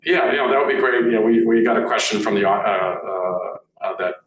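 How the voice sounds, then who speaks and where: A man with a Boston accent giving a board report at a meeting, halting with many fillers and restarts. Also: on the low side, fairly bright tone. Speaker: board director speaking at annual meeting. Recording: echoey room, mic at a distance, faint noise.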